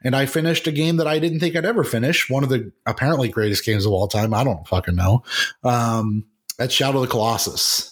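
A man's voice: medium pitch, fairly quick, husky. Laid-back man chatting on a podcast. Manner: relaxed, swearing, trailing off with fillers. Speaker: podcast co-host. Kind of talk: casual chat.

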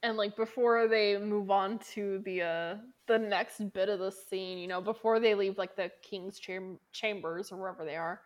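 A woman co-hosts a relaxed podcast conversation. She talks casually, peppering her speech with fillers and easy laughter. Her pitch sits in the middle range. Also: normal speed, few pauses. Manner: chatty, laughs often, fillers like "like". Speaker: podcast co-host. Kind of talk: casual chat.

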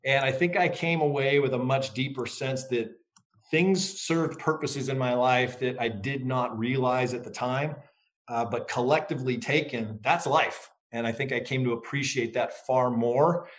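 A middle-aged man being interviewed as an author. He speaks in a reflective, measured way and tells stories. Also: mid-range voice, fairly even intonation. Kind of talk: interview conversation.

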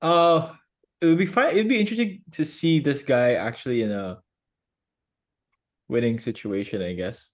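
Co-host, male, mid pitch, laid-back, relaxed delivery. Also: normal speed, long pauses. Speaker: podcast co-host. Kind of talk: casual chat.

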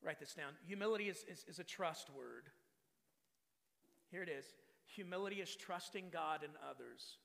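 A man's voice: fairly high pitch, normal speed, vocal fry, a bit bright. A man in his forties preaching a sermon as pastor, emphatic and full of rhetorical questions to the congregation. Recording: long reverb of a large hall.

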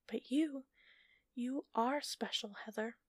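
A woman's voice: a little high, slow, dry recording, voice pushed up. A woman narrator voicing a scornful, mocking sorceress with a dry, taunting delivery.

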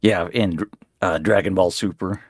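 Deep-voiced laid-back podcast host. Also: male voice, fairly even intonation, unhurried, slightly rough, no echo, clean studio sound. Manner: laid-back, many filler ums and uhs. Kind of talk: casual podcast chat.

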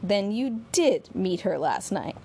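A woman's voice: medium pitch, very animated, slow pace, mellow, slight background noise. A woman doing a blunt, suspicious male investigator. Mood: interrogating. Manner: blunt, taunting interrogation.

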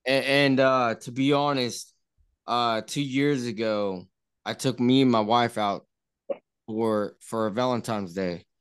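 A man's voice: medium pitch, a little slow, clear, resonant tone. Rambling man telling a story. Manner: rambling, repeats himself, acts out quotes. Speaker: party guest. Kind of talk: casual storytelling. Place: indoor party room.

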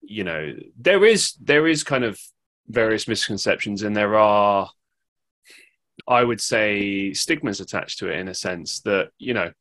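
A man's voice: on the low side, expressive, a little slow, a bit bright. A man with an English accent hosting a podcast, chatting casually and rambling with lots of fillers and restarts. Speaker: podcast host. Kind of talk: casual interview chat.

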